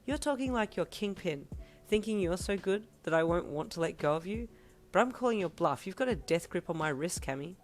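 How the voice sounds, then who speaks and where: A woman reading aloud, voicing a guarded, deadpan young woman. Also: fairly low pitch, brisk, soft background music, close to an everyday voice. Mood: defiant. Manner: flat, deadpan.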